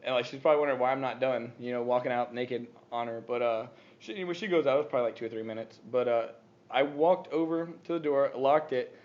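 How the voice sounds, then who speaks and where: A man co-hosting a casual podcast, rattling off a rambling story at speed. His voice sits at an ordinary pitch, and the recording sounds muffled and lo-fi. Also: quick pace. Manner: rambling, animated storytelling with laughs. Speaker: podcast co-host.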